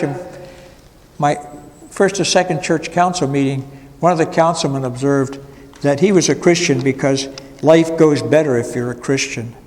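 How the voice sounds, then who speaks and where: A male pastor gives an informal Bible lesson to adults, his voice sitting a little high for a man. He talks in a conversational, wandering way and drops wry asides. A long reverb from the church room trails each phrase. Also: a little mellow. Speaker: pastor teaching adult education. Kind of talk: informal Bible class lecture. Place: church classroom.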